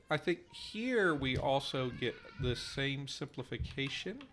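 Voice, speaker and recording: A man hosting a live stream on building a language, thinking aloud slowly with many fillers, repeating trial words over and over. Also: a little high, expressive, a bit bright, slight background noise. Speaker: podcast host running a conlang stream.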